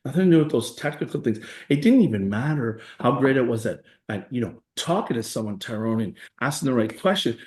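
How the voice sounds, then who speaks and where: A man's voice: medium pitch, animated, a little fast, few pauses, a little mellow, reverberant. A man in his forties, a guest in a conversational interview, telling stories emphatically and acting out the voices of people he quotes. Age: 40s.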